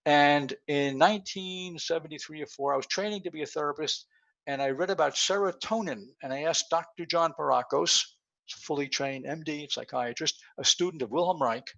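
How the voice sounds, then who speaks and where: A man's voice: a little high, normal speed, gravelly, a bit bright. Older man telling stories, muffled audio. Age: 70s. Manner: rambling anecdotal storyteller, many fillers. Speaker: presenter. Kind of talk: conference talk over video call.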